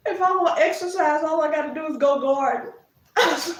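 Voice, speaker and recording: Middle-aged woman vlogger, animated and laughing, mid pitch, recorded a bit off-mic in an echoey space. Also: a little slow, long pauses. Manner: laughs often, animated storyteller. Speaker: gardening vlogger. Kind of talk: casual storytelling to camera. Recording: roomy, a bit distant.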